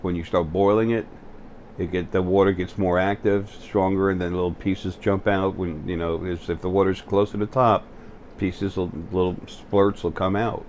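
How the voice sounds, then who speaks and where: A man hosting his own spiritual video channel, talking to the camera in a halting way, full of fillers and restarts. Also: sits low, little pitch movement, darkish tone, a little hiss or hum. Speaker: channel host. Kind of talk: spiritual vlog monologue. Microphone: facing the camera.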